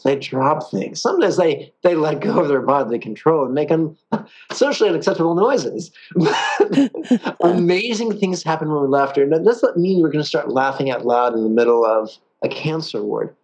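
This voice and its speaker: A man with a gravelly, husky voice teaches a guided meditation. He speaks calmly with a playful streak and slows right down for the breathing cues. His pitch sits in an ordinary middle range. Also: poor audio.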